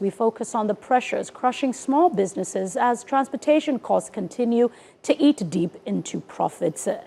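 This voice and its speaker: Gravelly-voiced woman presenting morning news. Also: medium pitch, dark tone. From South Africa. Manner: upbeat headline reading, playful in banter. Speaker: co-host of morning news show. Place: TV news studio.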